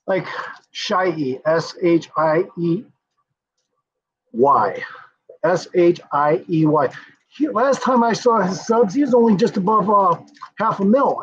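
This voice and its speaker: A man's voice: high-pitched, slightly rough. A man hosting a casual livestream, rambling and cursing freely, often trailing off with fillers. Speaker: livestream host. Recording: dull lo-fi sound.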